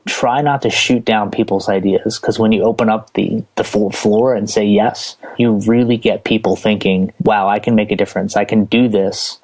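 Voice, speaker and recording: A man's voice: on the low side, darkish tone. A man, a teacher from southern New Jersey, giving earnest and enthusiastic advice as a podcast guest. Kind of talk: interview answer.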